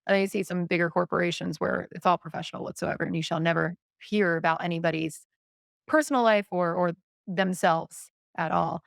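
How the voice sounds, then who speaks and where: A woman hosts a podcast in a casual, thinking-aloud way. Her voice sits low with a gravelly fry. The recording is dry and close. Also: fairly even intonation, brisk, no echo. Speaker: podcast host. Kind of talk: casual interview chat.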